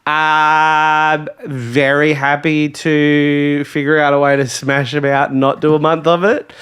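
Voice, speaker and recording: A man's voice: fairly high pitch, flat delivery, slow pace, a bit bright, clear, resonant tone. A man co-hosting a casual podcast chat, chatty and laughing easily, often restarting his sentences. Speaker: podcast co-host.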